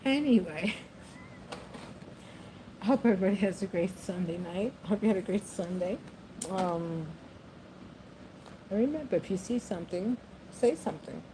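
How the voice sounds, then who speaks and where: A woman's voice: medium pitch, lively intonation, normal speed, pauses often, background noise. A woman chatting casually to the camera, rambling, laughing often and talking to her pet. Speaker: vlogger.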